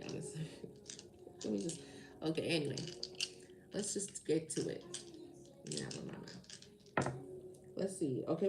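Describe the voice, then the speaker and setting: A woman's voice: sits low, gravelly. A tired woman hosting a live tarot reading, chatting casually and rambling as she talks to her viewers. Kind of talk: casual live-stream chat.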